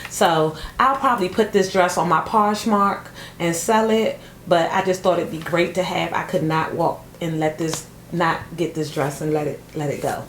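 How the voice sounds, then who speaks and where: A middle-aged woman chatting casually to camera about thrift finds, telling stories with animated energy and calling her viewers y'all. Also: lowish voice, normal speed, hardly any pauses. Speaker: thrift vlogger. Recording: echoey room with faint noise.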